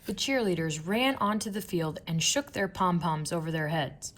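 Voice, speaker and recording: A woman narrating a children's book in a playful, expressive storytelling manner. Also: fairly low pitch, moderate pace, a little hiss or hum. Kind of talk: children's audiobook reading.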